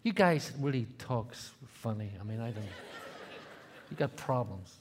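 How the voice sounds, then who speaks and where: A man with an Irish accent preaching as a guest speaker, joking with the congregation and building to loud, stirring peaks. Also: medium pitch, expressive, normal speed, noisy background. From Ireland. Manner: joking, rousing preacher with big swings in loudness. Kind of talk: sermon.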